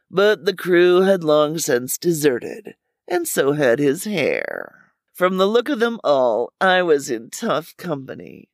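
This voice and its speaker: A man narrating a first-person crime story in a wry, deadpan way. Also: on the high side, no room sound, studio quality.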